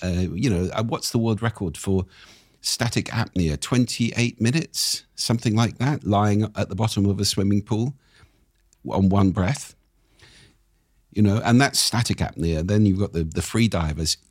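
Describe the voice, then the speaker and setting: A man, a speaking coach, explaining in conversation with lively, demonstrative intonation and a husky voice. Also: lowish voice, normal speed, no echo, clean studio sound.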